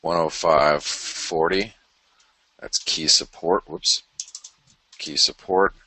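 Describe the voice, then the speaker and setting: He talks slowly in a bass voice with fairly even intonation, a sharp tone and a breathy edge, recorded dry. As host of a live forex market show, he works casually through charts, thinking aloud and making self-deprecating remarks.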